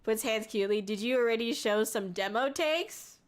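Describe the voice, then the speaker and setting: A woman's voice: fairly high pitch, moderate pace. A woman VTuber streamer chatting casually on a livestream, reading viewer messages aloud, giggling often and swearing freely.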